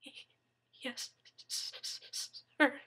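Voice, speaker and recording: A woman's voice: slow, sharp tone. A woman voicing a terrified young man who stammers and sobs while pleading at gunpoint. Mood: whimpering plea. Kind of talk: audiobook reading.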